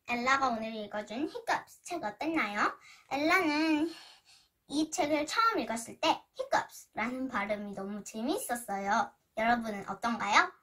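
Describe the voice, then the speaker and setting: Bubbly woman reading storybooks to kids, high bright voice, super lively. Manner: cheerful, animated, talks to kids directly. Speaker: English storybook reader for children. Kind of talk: reading a picture book aloud to children.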